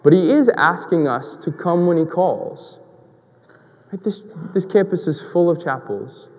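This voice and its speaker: A man's voice: a little high, expressive, a little slow, darkish tone, in a large hall. A man preaching a sermon in a conversational, storytelling way, asking rhetorical questions.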